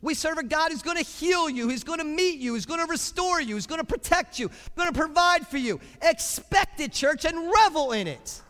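A male pastor delivers an emphatic sermon, repeating phrases for effect. His voice sits high. The sound carries the long reverb of a church sanctuary. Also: animated, normal speed, hardly any pauses. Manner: emphatic, repeats phrases, breaks into shouted cheers.

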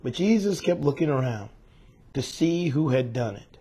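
A man's voice: mid-range voice, expressive, normal speed, mellow, slightly rough. Earnest preacher, male, reads scripture, then talks to the congregation with questions. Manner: earnest, emotional, rhetorical questions to listeners. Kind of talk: scripture reading and sermon.

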